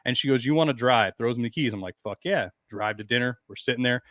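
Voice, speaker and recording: A middle-aged man tells crude, animated stories on a podcast and acts out each person's lines as he goes. His voice is pitched at a middle height and recorded dry and close, with no room sound. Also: quick pace, no room sound. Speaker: podcast guest. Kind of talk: casual storytelling chat.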